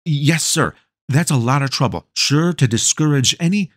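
A man's voice: on the high side, animated, moderate pace, dry recording, pitched above the performer's own voice. A man doing a cheeky young schoolboy. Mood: politely cheeky. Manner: dry, polite sass. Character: polite cheeky schoolboy, quick-witted. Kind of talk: audiobook character voice.

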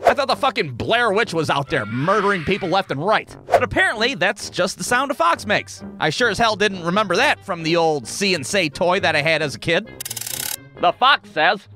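A man tells a comedic animated story with profane, sarcastic asides. His voice sits high and swings widely in pitch, with a bright, sharp tone, and faint music plays underneath. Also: normal speed. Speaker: cartoon storyteller.

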